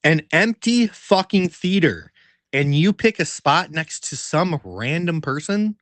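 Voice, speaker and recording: A man co-hosting a podcast, telling a story in a casual, animated way, swearing a lot and filling it with "like". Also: a little high, measured pace, no room sound. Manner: animated, profanity-heavy storytelling with many fillers; laughs while telling the story. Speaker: podcast co-host. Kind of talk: casual chat.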